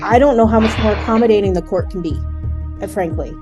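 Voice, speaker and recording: A woman's voice: medium pitch, quick pace, over music. A woman judge speaking firmly and sternly in a court hearing, scolding a party for interrupting.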